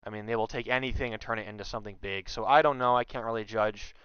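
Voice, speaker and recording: A young man telling a story in casual chat, animated and loudly acting out what others said. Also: on the low side, quick pace, clear, resonant tone, dry recording, dull audio. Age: young adult. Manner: animated, acts out quotes loudly. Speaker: guest.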